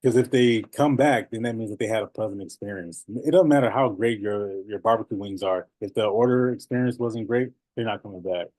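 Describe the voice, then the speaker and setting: A man coaching notaries in a casual, animated talk, laughing often and repeating phrases. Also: fairly low pitch, a little fast, hardly any pauses, dry recording.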